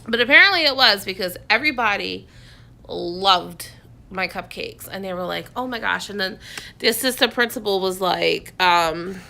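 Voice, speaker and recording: A woman's voice: mid-range voice, expressive, normal speed, gravelly, pushed and bright. Chatty woman vlogging from her couch. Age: adult, has a son. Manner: rambling, chatty, many fillers and restarts. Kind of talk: casual chat to camera. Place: at home on a couch. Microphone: phone on a selfie stick, close.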